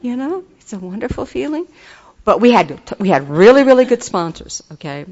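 A woman's voice: on the high side, big pitch swings, moderate pace, a little mellow. Folksy older woman, muffled. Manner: earnest, folksy, turns enthusiastic and laughing. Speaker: recovery meeting speaker. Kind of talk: personal testimony talk.

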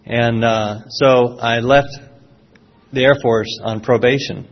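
On a dull lo-fi recording, a middle-aged man from Florida talks slowly in a steady, mid-range voice with a Southern American accent. He shares his recovery testimony before a live audience, folksy and self-deprecating, restarting his sentences often.

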